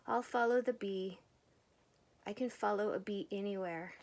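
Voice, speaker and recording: A woman doing a big calm bear. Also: mid-range voice, moderate pace, noisy background, close to an everyday voice.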